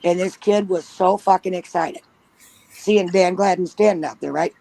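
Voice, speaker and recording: A woman's voice: lowish voice, normal speed, gravelly, warm tone, rough recording. A woman telling a story in casual talk at home, blunt and swearing freely, often giggling. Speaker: panel guest. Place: at home with pets nearby. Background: dog snoring.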